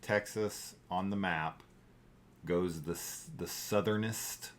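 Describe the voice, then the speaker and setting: A man's voice: low voice, fairly even intonation, slow pace, slight background noise. A middle-aged man co-hosting a casual movie review chat, rambling and thinking aloud with many fillers. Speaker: podcast co-host.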